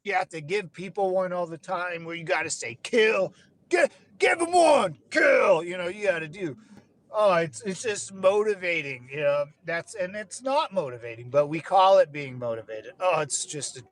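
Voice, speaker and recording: A man's voice: fairly high pitch, normal speed. A young man and former Marine rambling casually while driving, swearing and laughing now and then. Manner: loose, swearing, laughing asides. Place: in a car.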